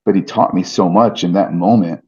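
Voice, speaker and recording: Speaking at a moderate pace in a low, steady voice that is a little mellow with a breathy edge, a middle-aged man tells stories as a podcast guest. He is a fight announcer, earnest and reflective, restarting often in this casual interview recorded in dull lo-fi audio.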